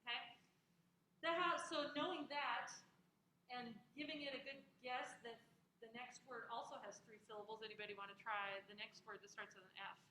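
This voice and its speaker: A woman teaching a classroom lesson, encouraging her students and drilling pronunciation slowly, word by word. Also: a little high, fairly even intonation, bright, forceful tone. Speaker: music instructor. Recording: echoey classroom, faint noise.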